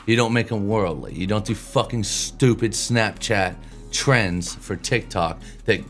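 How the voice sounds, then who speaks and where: A man's voice: lowish voice, measured pace, faint music behind. A man in his thirties on a casual podcast, talking bluntly and with lots of swearing about raising kids. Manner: blunt, profane, animated storytelling. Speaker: podcast co-host.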